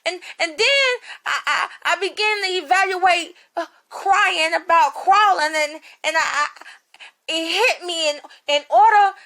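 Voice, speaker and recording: Woman preaching her testimony, high bright voice, slow and repetitive, stammers a lot. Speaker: ministry speaker. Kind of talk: spoken testimony sermon.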